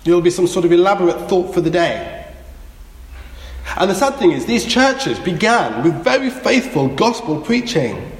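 Preacher, lively rising-and-falling sermon delivery, long church reverb, faint noise. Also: male voice, high-pitched, normal speed. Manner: earnest, exhorting, repeats key phrases.

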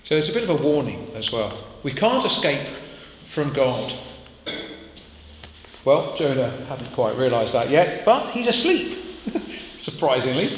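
A man's voice: mid-range voice, expressive, unhurried, long pauses, slight background noise. A man preaching a sermon to a congregation, talking in a conversational way and putting questions to his listeners. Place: church hall. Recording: echoey hall, faint ambience.

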